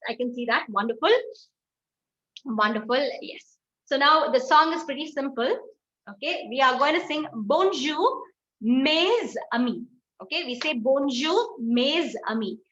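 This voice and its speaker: A woman with an Indian English accent teaching a live online French class, patiently repeating phrases and modelling pronunciation slowly. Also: high-pitched, pushed and bright. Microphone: video call. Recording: echoey, dull lo-fi audio.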